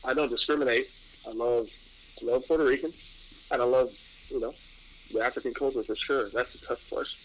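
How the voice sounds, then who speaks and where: Bright-voiced young man rambling casually. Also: medium pitch, a little fast, long pauses, rough recording. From New York. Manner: relaxed, rambling, laughs often, many restarts. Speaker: interview guest, pro athlete. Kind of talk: casual interview chat.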